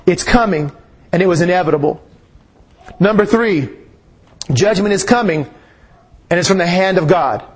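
Guy preaching a sermon, highish voice, slow and punchy, gets louder on the big lines. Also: animated, husky. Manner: slow emphatic delivery, rises on key phrases. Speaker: pastor.

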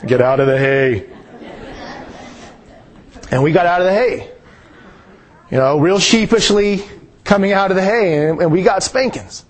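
A man preaching a sermon, slow and emphatic, his voice rising on key phrases. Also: high-pitched, lively intonation, a faint crowd. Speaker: pastor.

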